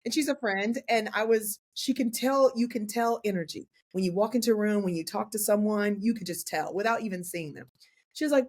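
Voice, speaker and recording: A woman in her forties, a portrait photographer guesting on a podcast, telling her story in a candid, animated way. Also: mid-range voice, brisk. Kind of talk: casual interview chat.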